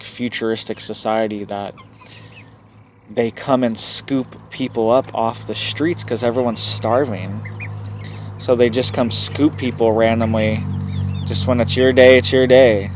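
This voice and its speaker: A man's voice: medium pitch, darkish tone, a little hiss or hum. Urgent man, chickens clucking behind. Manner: urgent, repeats "right?" often. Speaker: homesteading channel host. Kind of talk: casual direct-to-camera commentary. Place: home setup with chickens nearby.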